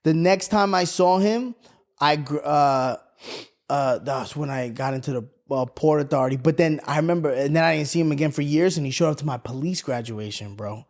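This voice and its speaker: A man's voice: on the high side, normal speed, darkish tone. A young man, a podcast co-host telling a story in casual chat, acting out the quotes and swearing freely.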